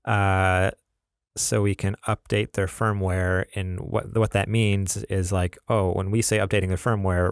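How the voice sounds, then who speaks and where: A man's voice: deep voice, no room sound, studio quality. A young man hosting a casual gaming podcast, rambling with lots of fillers and laughs. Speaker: podcast host.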